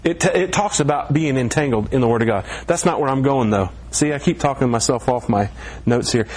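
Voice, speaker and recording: In a church sanctuary, a middle-aged man serving as pastor delivers a sermon in a conversational way, lifting his voice to stress points. He speaks fairly quickly in a mid-range, somewhat mellow voice.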